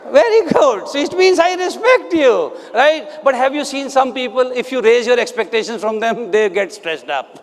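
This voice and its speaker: A man leads a live motivational seminar in a very high voice. He keeps the audience engaged with questions and calls for responses, pushing the energy up. His voice rings with long reverb through a large hall. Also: lively intonation, normal speed, few pauses. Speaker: motivational speaker.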